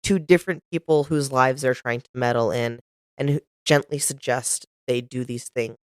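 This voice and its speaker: A woman's voice: extremely low pitch, fairly even intonation, moderate pace, no echo, clean studio sound. A woman co-hosting a podcast in casual chat, making wry, matter-of-fact remarks. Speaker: podcast co-host.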